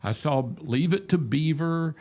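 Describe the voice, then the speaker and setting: A man's voice: fairly high pitch, unhurried, a little mellow. Chatty older man telling stories. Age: 70s. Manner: rambling, folksy, self-deprecating. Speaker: radio show host. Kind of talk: casual storytelling chat.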